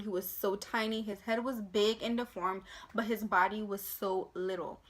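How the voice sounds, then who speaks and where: Young woman emotionally telling her birth story. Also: mid-range voice. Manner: emotional, animated retelling with acted quotes. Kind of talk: casual personal storytelling to camera.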